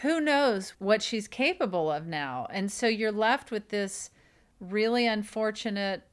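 A woman's voice: medium pitch, animated, a little slow. A woman co-hosting a casual chat podcast, laughing often and acting out mocking quotes.

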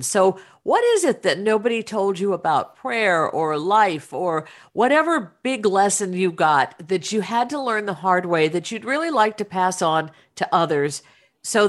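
Lively-voiced woman host asking questions. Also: medium pitch. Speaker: podcast host. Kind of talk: interview questions.

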